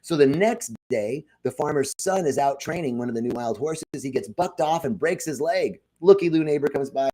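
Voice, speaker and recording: A man's voice: a little high, normal speed, hardly any pauses. A man giving an inspirational spiritual talk on a live stream, telling stories and speaking straight to his viewers. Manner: lively storytelling, addresses viewers directly. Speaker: spiritual speaker at a wellness center.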